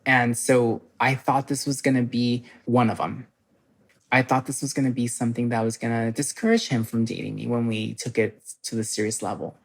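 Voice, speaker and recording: Fast-talking animated woman guest. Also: a bass voice, husky. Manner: animated, fast storytelling with many "like" fillers. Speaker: podcast guest. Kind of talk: casual chat.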